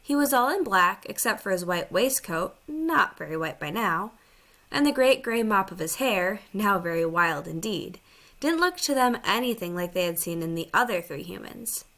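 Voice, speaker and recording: A woman narrates a children's storybook aloud in a bright, clear voice. Her pitch moves lively up and down as she reads, lifting into higher, livelier tones whenever the animal characters speak. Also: moderate pace. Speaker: audiobook reader.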